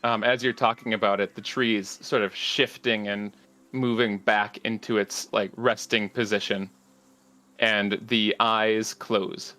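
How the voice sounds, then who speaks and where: A man narrating as game master in a tabletop game, halting with frequent fillers. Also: lowish voice, flat delivery, sharp tone.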